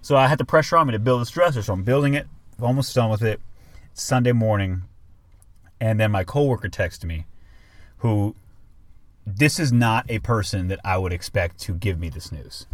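A man's voice: on the low side, normal speed, long pauses, no echo. A young man and father co-hosting a podcast, telling a story in casual chat and swearing often. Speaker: podcast co-host.

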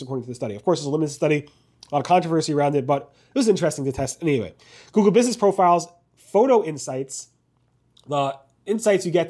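Fast-talking man hosting a news recap. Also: a little high, warm tone. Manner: rapid, rushed delivery with frequent ums and self-corrections. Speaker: host of a weekly search news recap.

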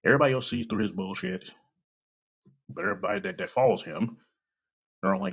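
A man's voice: on the high side, big pitch swings, fast, gravelly, pauses often, a bit bright, husky. A man hosting a podcast, delivering a blunt, profane, heated opinion rant. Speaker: podcast host. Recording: dull lo-fi recording.

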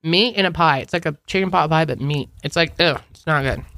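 A woman's voice: low voice, a little fast. A young adult woman co-hosting a podcast, chatting casually and bluntly while taste-testing snacks. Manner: relaxed, chatty, blunt with swearing. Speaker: podcast co-host.

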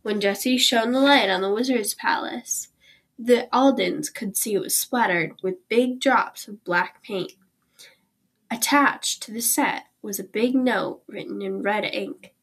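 A woman's voice: medium pitch, measured pace, a bit bright, slightly rough, poor audio. Woman reading a children's book aloud. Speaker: reader.

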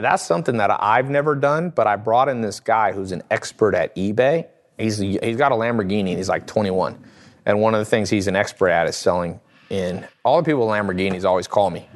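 A man hosting a casual livestream from home, answering viewer questions in a lively, joking way and often laughing. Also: lowish voice. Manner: animated, laughs often, acts out quotes in funny voices. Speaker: host.

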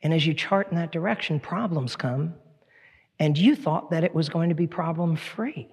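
A man preaching a sermon, his voice sitting high for a man. He tells stories with animated energy and slips into playful impressions. His words ring out with a long reverb in a church hall. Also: moderate pace, husky. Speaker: pastor.

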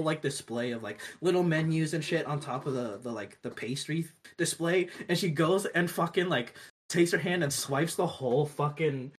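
Husky, profane young man telling stories. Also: a little high, normal speed. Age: young adult. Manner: animated, profane, laughing often. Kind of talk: casual chat, storytelling.

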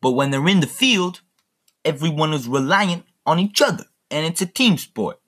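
A man putting on a menacing mob boss who muses slowly and theatrically. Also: a little high, expressive, a bit bright, slightly rough, pitched above the performer's own voice. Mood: musing menace. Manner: raised, slow, theatrical delivery.

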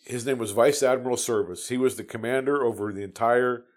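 A man in his fifties from the United States tells his service stories in a relaxed, conversational way. He rambles, often restarts his sentences, and fills the pauses with "uh." His voice sits in an ordinary middle pitch. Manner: rambling, with many restarts and fillers. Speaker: Navy veteran telling his story. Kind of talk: casual storytelling.

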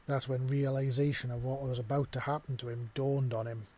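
A man narrating a written story in an audio reading with a steady, even delivery and a husky voice. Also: medium pitch, a little fast.

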